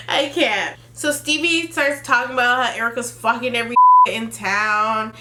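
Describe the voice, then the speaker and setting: Woman with a high, bright voice; animated, profane recap host in an echoey room. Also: a little slow, very noisy. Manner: animated, profane, laughing, quoting cast members. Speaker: reality TV recap vlogger. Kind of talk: casual episode recap.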